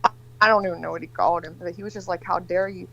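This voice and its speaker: A woman's voice: on the low side, steady tone, racing, creaky, a bit bright, dull audio. A woman in her forties on a video call, casually telling a long, rambling story full of swearing and acted-out quotes. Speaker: livestream guest.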